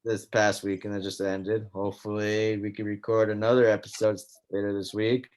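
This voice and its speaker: A man's voice: lowish voice, flat delivery, moderate pace, darkish tone. A man co-hosting a podcast, talking sports in a loose, chatty way, swearing casually and trailing off mid-thought. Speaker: podcast co-host.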